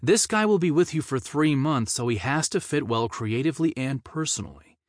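Cheeky thirty-something male band manager, teasing and brisk, voice lifted higher, as a man puts him on. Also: lively intonation, no room sound, clean studio sound, lightly acted. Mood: insistent.

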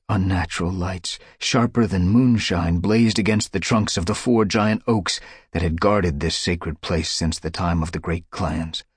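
A man narrating an audiobook in a dramatic, measured way. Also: sits low, husky, no room sound, studio quality. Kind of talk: scripted narration.

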